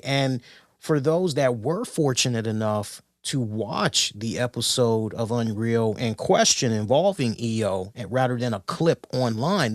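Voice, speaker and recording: A man's voice: mid-range voice, no room sound, studio quality. A man co-hosting a casual talk show, rambling through stories with lots of restarts and "you know"s. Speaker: co-host. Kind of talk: casual podcast chat.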